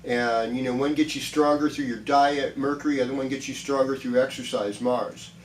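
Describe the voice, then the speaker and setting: A man's voice: mid-range voice, steady tone, moderate pace, roomy sound, recorded from a distance, a little hiss or hum, poor audio. A man giving a chatty, reassuring weekly horoscope talk, rambling with many restarts. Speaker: astrologer.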